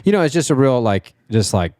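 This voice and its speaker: A man's voice: medium pitch, big pitch swings, brisk, a little mellow, no room sound, clean studio sound. A man co-hosting a podcast, telling a story in casual chat, full of fillers and swearing. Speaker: podcast co-host.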